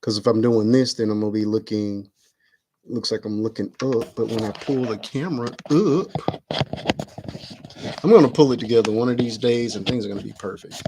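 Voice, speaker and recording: Fiddling with his camera at home, a livestream host chats casually and mutters to himself, heard through the camera mic indoors. His voice is lowish and warm at a moderate pace, with slight background noise.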